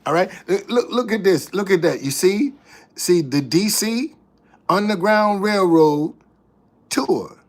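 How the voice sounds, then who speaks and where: A man who works as a tour guide, telling stories to the camera in a casual, animated way and often repeating or restarting his phrases. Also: high voice, takes it slowly.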